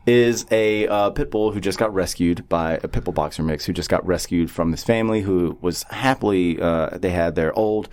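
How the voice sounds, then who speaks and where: A man's voice: low voice, moderate pace, few pauses, darkish tone. A young man, rambling through a casual podcast chat, joking and swearing freely. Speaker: podcast co-host.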